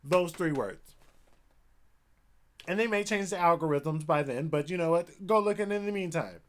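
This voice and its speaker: A man's voice: on the high side, moderate pace, a little hiss or hum. Man in a profane, heated rant. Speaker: vlogger. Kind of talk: ranting commentary vlog. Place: Seattle, Washington.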